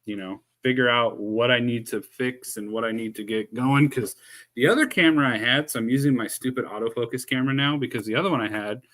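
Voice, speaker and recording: A man talks fast in a medium-pitched, fairly bright voice on a casual live stream, muttering dry sarcastic quips as he fixes his camera and keeps adjusting his desk microphone.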